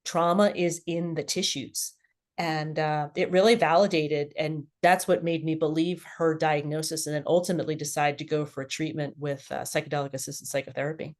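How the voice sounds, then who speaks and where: A woman's voice: low voice, moderate pace. A middle-aged woman, a podcast guest, telling her personal story candidly and with animation. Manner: candid, animated, laughs at herself.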